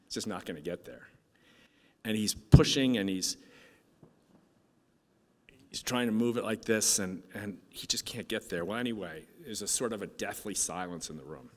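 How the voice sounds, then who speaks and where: A man giving a heartfelt speech at a conference, telling a story with halting restarts and fillers, his voice sometimes dropping soft with emotion. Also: on the low side. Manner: moved, voice dropping soft at times. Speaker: keynote speaker. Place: conference hall. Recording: hall reverb from a stage speech.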